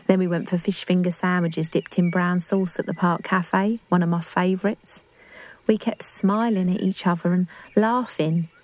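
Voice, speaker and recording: A woman's voice: on the low side, fairly even intonation, normal speed, darkish tone, dry recording, natural voice. An actress playing an earnest, awkward young woman in love. She speaks in a chatty, confiding, self-conscious English voice in a dramatic monologue. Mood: fond.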